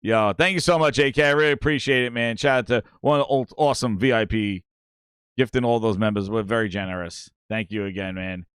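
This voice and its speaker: A man's voice: fairly low pitch, fairly quick, clear, resonant tone. A middle-aged man with a New York accent hosting a casual gaming livestream, hyping and thanking viewers and telling rambling stories. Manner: excitable, hypes and thanks viewers, rambling storytelling. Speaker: gaming show host.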